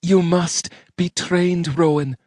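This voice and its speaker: A man voicing an anxious young Highland woman. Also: normal speed, no echo, studio quality. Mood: strained urgent. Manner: strained, urgent pleading. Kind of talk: audiobook character voice.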